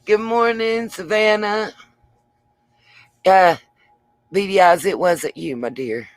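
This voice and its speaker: A woman's voice: mid-range voice, slow pace, dry recording. Tired, chatty woman streamer. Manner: chatty, affectionate, calls viewers darling, laughs a lot. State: tired after a long stream. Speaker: livestream host. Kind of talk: casual livestream sign-off chat.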